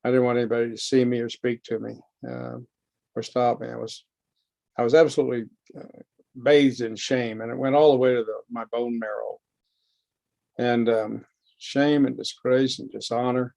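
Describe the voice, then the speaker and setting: Man telling his own recovery story at a lecture, gravelly voice, close dry sound, slow and heartfelt. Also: mid-range voice, little pitch movement, darkish tone, no echo. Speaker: guest speaker. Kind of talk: personal recovery testimony. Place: lecture hall.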